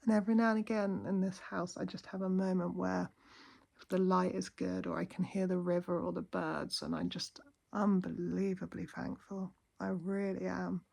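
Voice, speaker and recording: A woman chatting softly to camera in her lounge at night, heartfelt and rambling. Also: on the low side, flat delivery, moderate pace, vocal fry. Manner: soft-spoken, heartfelt, rambling. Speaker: vlogger. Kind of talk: casual chat to camera.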